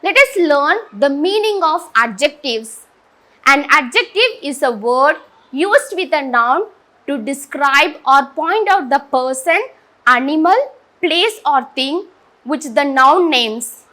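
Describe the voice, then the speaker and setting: A female teacher from India giving a grammar lesson, asking and answering her own questions in a slow, deliberate way. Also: high voice, lively intonation, bright, forceful tone.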